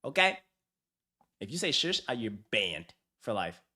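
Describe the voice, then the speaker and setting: A man's voice: medium pitch, very animated, a little slow, sharp tone, breathy edge. A man hosting a casual live stream, hyped and slangy, talking to his chat. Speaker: finance streamer.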